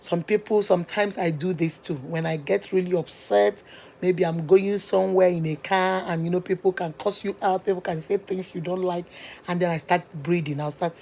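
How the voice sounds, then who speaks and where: A woman speaks from her office in a relaxed, mellow voice, giving motivational advice to her followers. She drives each point home by repeating it, in an earnest, almost preachy manner. A faint background noise sits under her voice. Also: fairly low pitch, normal speed. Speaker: channel host giving life advice. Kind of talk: motivational advice talk to viewers.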